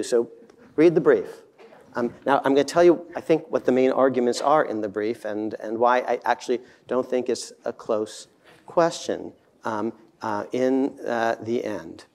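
Halting, joking male debate speaker. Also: medium pitch, a little mellow. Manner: halting, filler-heavy, self-deprecating humor; dismissive confident emphasis. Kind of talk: debate speech.

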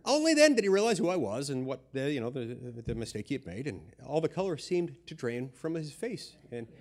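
A man's voice: on the high side, very animated, fairly quick, darkish tone. Man telling a dry, self-mocking story. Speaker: senator giving a speech. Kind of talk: humorous anecdotal speech.

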